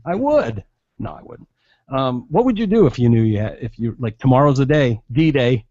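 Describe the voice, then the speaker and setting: A man's voice: medium pitch, normal speed, no room sound. A man hosting a podcast, trading crude jokes and teasing his co-hosts in casual banter. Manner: joking, animated, teasing. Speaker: podcast host. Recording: dull lo-fi dry sound.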